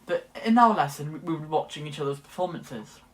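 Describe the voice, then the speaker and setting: Expressive and brisk, this young man in his late teens has a voice on the high side as he chats casually to camera for his student vlog. He rambles, often restarts, and keeps correcting himself.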